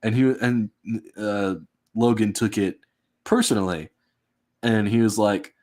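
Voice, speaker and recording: A man's voice: on the low side, a little slow. A man co-hosting a podcast, chatting casually and retelling moments with rambling restarts. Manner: rambling, restarts often, animated when retelling. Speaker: podcast co-host. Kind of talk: casual chat.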